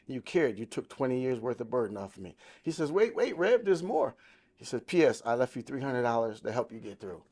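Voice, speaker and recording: In his sixties, this man speaks in a mid-range, slightly mellow voice with big pitch swings and a fairly quick pace. As a podcast guest, he relates his life testimony casually and emphatically, voicing the words of people from his story.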